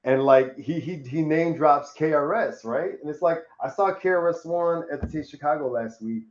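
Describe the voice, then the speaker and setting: A man's voice: fairly high pitch, normal speed. A man co-hosting a podcast, musing and rambling in casual chat. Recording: dull echoey room.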